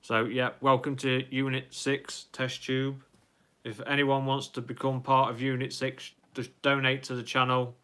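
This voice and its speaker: A man's voice: mid-range voice, little pitch movement, unhurried, sharp tone, clean tone. A young man hosting a casual live stream, reading out viewer comments in a rambling way with many ums and restarts.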